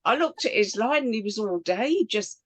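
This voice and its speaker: A woman from England hosting a casual interview, a chatty, animated storyteller talking over a video call. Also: mid-range voice, moderate pace, no room sound. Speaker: host.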